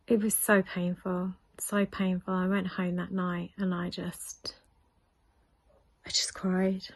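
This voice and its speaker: A British woman talks through a hard personal story in a husky, gravelly voice that often sinks to a near whisper. She is middle-aged, halting, and close to tears. The sound is dry and close. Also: on the low side, monotone, no echo. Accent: British English. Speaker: vlogger.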